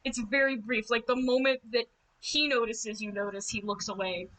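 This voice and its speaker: A woman narrating a tabletop game as its game master, her voice a touch high. She tells the scene in a quick, amused way, dropping in casual swears. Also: fairly even intonation, fairly bright tone, rough recording.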